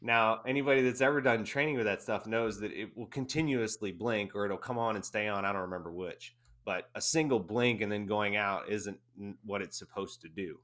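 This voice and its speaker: A man, an army veteran guest, casually telling an animated anecdote and often laughing. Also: fairly low pitch, brisk, few pauses. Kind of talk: casual storytelling.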